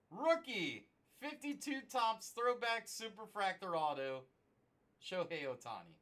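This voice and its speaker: A woman reacting loudly to rare trading card pulls on a live stream. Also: medium pitch, very animated, a little slow. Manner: hyped, exclamatory. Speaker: card breaker.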